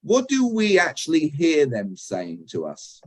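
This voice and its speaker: A man's voice: on the high side, huge pitch swings, measured pace, darkish tone, no echo, low-quality recording. British-born man teaching a chatty video-call workshop. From Britain. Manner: chatty, jokey, asks the audience questions. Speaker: communication trainer. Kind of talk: interactive online workshop.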